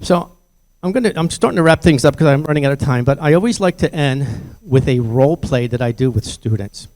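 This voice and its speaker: Telling stories from his life, an older man addresses parents about stopping bullying, voicing the people in his anecdotes in a chatty way. His mid-range delivery is animated, fairly quick, and slightly mellow.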